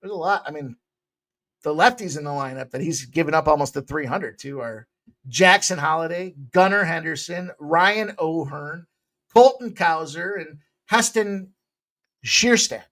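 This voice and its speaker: Man, sports betting host, casual picks talk, jokey, self-mocking, loud excited bursts. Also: a little high, a little slow.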